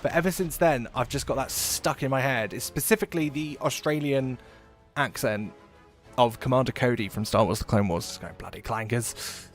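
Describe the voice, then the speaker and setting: Chatty streamer guy, lively pitch. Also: fairly quick, soft background music. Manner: rambling, swears freely, chatty asides to viewers. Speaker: game streamer. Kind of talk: casual live-stream chat.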